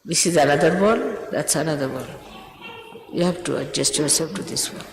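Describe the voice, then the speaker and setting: A woman's voice: sits low, animated, normal speed, roomy sound, in a large hall, slight background noise, poor audio. An older woman, a spiritual teacher, scolding and urging her followers, emphatic, often repeating herself and laughing between remarks.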